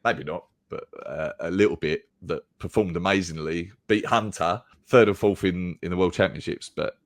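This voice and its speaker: An English man with a deep voice, chatting casually as a podcast guest, rambling with frequent restarts. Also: moderate pace, no room sound. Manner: relaxed, rambling casual chat with many restarts. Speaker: podcast guest and race commentator.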